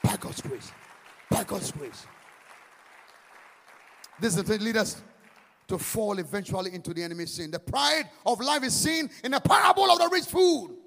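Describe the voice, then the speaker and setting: A male pastor preaching a sermon to a congregation in a church, swinging from hushed lines to shouted, sing-song emphasis and calling for claps. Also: high voice, expressive, normal speed, gravelly, pauses often, a faint crowd. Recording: long church hall reverb.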